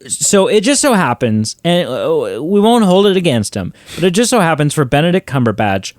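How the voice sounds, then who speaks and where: A man hosting a movie podcast, ranting in an exasperated, animated way in casual chat. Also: fairly high pitch, normal speed, no room sound, studio quality. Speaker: podcast host.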